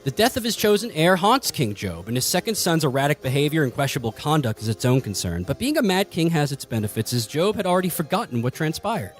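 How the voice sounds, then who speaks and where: A man's voice: on the high side, big pitch swings, quick pace, hardly any pauses, soft background music. A man narrating as game master in a mock-grand style.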